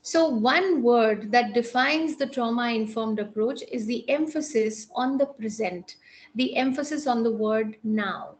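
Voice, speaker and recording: This is a measured academic talk on psychotherapy by a female clinical psychologist with an Indian English accent. She pauses a lot and restarts often, in a fairly high-pitched voice.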